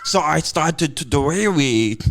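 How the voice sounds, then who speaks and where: A man's voice: high-pitched, normal speed, creaky, slight background noise. A man playing Oscar the chatty greyhound. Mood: naive storytelling. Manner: broken English, childlike storytelling. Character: a talking greyhound dog, male, naive and chatty.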